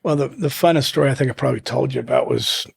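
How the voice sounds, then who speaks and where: A middle-aged man from Zimbabwe, a podcast guest, telling rambling, animated hunting anecdotes with many restarts. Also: medium pitch, quick pace, vocal fry, breathy edge. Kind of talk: casual storytelling interview.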